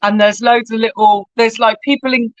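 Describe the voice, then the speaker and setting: A woman's voice: fairly high pitch, steady tone, moderate pace, no room sound, muffled recording. A woman from Cornwall with a strong Cornish West Country accent, rambling and chatty as a podcast guest. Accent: Cornish West Country English. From Cornwall, England. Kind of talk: casual conversation.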